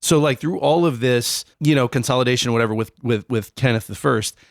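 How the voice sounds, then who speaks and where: A man's voice: mid-range voice, a little fast, vocal fry, no room sound, clean studio sound. A man co-hosting a casual podcast, explaining history in a loose, rambling way with many fillers. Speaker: podcast co-host.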